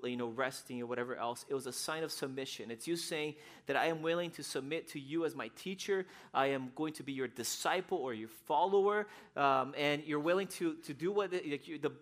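A man who grew up in Brazil, preaching a sermon and telling a personal story in a lively, animated way. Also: on the high side. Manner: animated storyteller, acts out scenes with shouts. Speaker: pastor.

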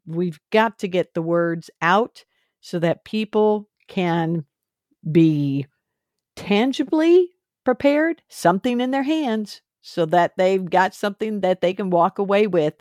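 A woman's voice: medium pitch, lively intonation, takes it slowly, darkish tone, dry recording, clean studio sound. A woman hosting a podcast interview, encouraging her guest and asking follow-up questions. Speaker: podcast host.

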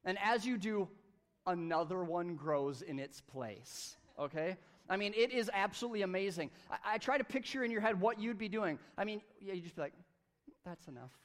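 A man preaching a sermon at a church service, energetic and conversational, with playful asides. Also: high voice, fairly quick. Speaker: pastor.

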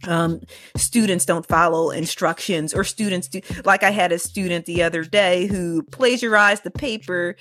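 A woman podcast co-host telling stories in casual chat, animated and laughing often. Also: lowish voice, moderate pace. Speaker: teacher.

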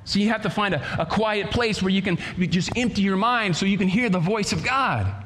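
A man's voice: high voice, normal speed, a bit bright, big-room sound. A man preaching a sermon to his church as pastor, swelling in volume and stretching his phrases.

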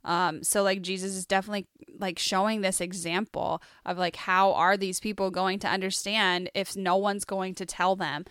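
A woman's voice: medium pitch, level tone, normal speed, few pauses, fairly bright tone, clean tone, no room sound, clean studio sound. A woman co-hosting a casual Bible study podcast, thoughtful and sprinkling her talk with "like.". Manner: thoughtful, heavy on "like" fillers. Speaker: podcast co-host.

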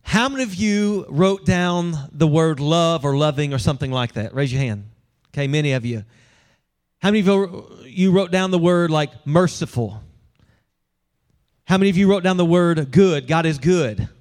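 High-voiced preacher with a lilt. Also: male voice, normal speed, darkish tone. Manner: conversational, humorous, engages the congregation. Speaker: pastor. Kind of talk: sermon.

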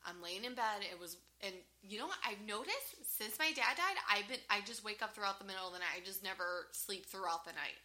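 Female podcast co-host, lively storyteller, bright tone, cusses freely. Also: mid-range voice. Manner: animated, swears freely, laughs often. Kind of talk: casual storytelling chat.

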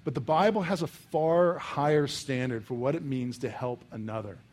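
A young man from the United States preaching a sermon in a casual, animated way, full of "like" and "um". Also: medium pitch, normal speed. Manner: casual and animated, many fillers like "like" and "um". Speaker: pastor. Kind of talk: conversational sermon.

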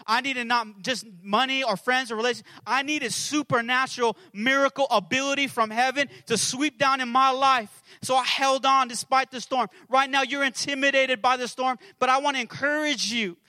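A man pastor preaching an impassioned sermon, calling out to the congregation and swinging between shouted prayers and hushed asides. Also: very high voice, steady tone, normal speed, hardly any pauses, no room sound. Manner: calls out to the congregation.

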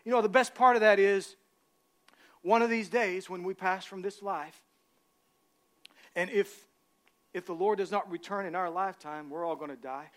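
A man preaching a sermon as pastor, telling humorous stories and rising to shouted emphasis. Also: high voice, normal speed, pauses often.

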